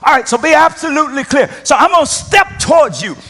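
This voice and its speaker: Emphatic high-voiced male pastor preaching. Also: lively intonation, fast talker. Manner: emphatic, repeats and restarts, swings from quiet to loud. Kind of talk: sermon.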